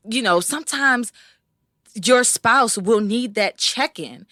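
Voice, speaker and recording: A young woman co-hosting a podcast, telling stories in a casual, animated way and acting out the people she quotes. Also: a little high, takes it slowly, no echo, studio quality. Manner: animated storytelling, acts out quoted voices. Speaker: podcast co-host. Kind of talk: casual conversation.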